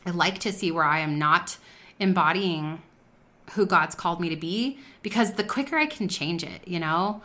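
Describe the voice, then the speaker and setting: A woman's voice: on the low side, normal speed, sharp tone. A woman hosting a faith-based business talk, speaking earnestly and conversationally and sharing personal stories. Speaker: podcast host.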